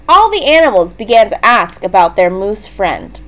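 Expressive woman reading a picture book. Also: mid-range voice, normal speed, poor audio. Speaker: storybook reader.

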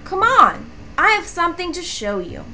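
A woman voicing a lively, playful rabbit in a storybook, bouncy and encouraging. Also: very high voice, normal speed, a little hiss or hum, pitched above the performer's own voice, exaggerated voice.

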